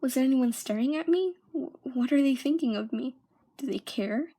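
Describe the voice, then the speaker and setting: A young woman vlogger tells a personal story in a slightly high voice. She halts now and then and often falls into hushed whispers. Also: slightly rough. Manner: halting, drops into hushed whispers.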